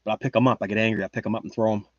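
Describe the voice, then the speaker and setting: A man's voice: lowish voice, little pitch movement, rapid-fire, dry recording, highs cut off. Joking, rambling man on a livestream. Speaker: livestream host. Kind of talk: casual livestream chat, reading chat.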